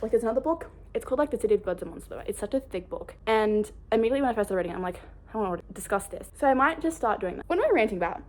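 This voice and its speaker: A woman vlogging in a casual, rambling way, bubbly and excitable. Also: medium pitch. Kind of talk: casual chat.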